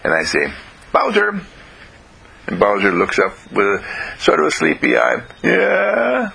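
A man telling a children's story on the radio in a gentle, slow, lively way, clearing his throat now and then. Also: low voice, poor audio.

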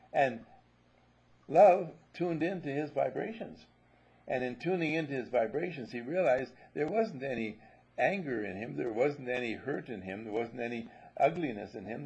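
A man's voice: medium pitch, creaky, darkish tone, slightly rough, dull audio. A man giving a spiritual talk, musing and telling stories, and sometimes repeating himself. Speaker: spiritual teacher.

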